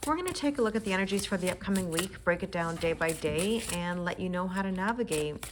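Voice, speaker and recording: Soft-spoken woman reading tarot. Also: fairly low pitch, lively intonation, fast, noisy background. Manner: reflective, soft-spoken, laughs often. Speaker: tarot reader. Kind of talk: casual spiritual forecast.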